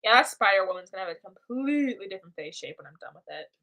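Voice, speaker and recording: A woman's voice: medium pitch, big pitch swings, rapid-fire, bright, forceful tone. A young woman chatting casually while drawing on a live stream, playfully talking to herself and to chat.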